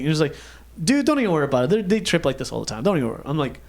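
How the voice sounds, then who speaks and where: A man on a casual podcast tells a story at a rapid clip. His pitch swings widely as he acts out the other people in it. He swears freely and keeps the chat loose. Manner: animated, acts out quotes, swears a lot. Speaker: podcast co-host.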